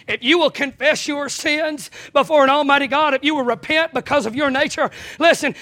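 A man preaching a sermon in a church, impassioned, swinging from shouts to hushed asides, his voice straining close to giving out. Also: very high voice.

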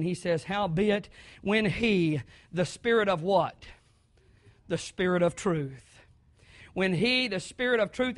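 Southern preacher guy, high bright voice, goes from quiet to shouting, dry sound. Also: no room sound. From American South. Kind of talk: sermon.

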